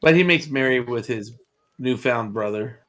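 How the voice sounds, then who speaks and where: Playful guy at the game table, bright sharp voice, middle pitch. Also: moderate pace. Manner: joking, playful. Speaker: player. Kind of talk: casual chat.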